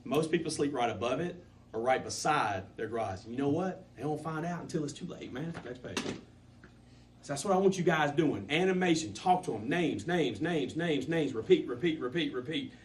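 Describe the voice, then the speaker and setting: A man leads a sales training session in front of a group, his fairly high voice pushing points home through repetition and rising emphasis. He is picked up from a distance, and a faint hum sits under his voice. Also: animated, fairly quick.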